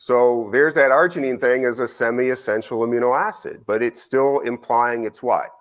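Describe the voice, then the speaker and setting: Man, middle-aged, conference lecturer, animated storyteller, keeps asking "right?", mid-pitched voice. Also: moderate pace. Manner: animated storyteller, acts out both sides of a conversation, often asks "right?". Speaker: nutrition researcher giving a conference talk. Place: lecture hall.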